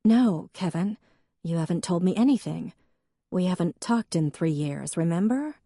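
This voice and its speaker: A woman's voice: fairly low pitch, expressive, normal speed, mellow, no room sound, clean studio sound. A woman playing a terse, guarded young woman. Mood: clipped guarded. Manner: terse, clipped short replies.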